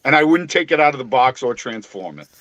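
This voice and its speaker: Profane, animated New England man. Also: medium pitch, fast talker, dull audio, a little hiss or hum. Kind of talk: casual livestream chat.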